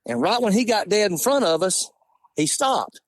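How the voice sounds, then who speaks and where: A man, telling an animated, laughing hunting story in casual talk. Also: high voice, moderate pace, dry recording. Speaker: podcast guest.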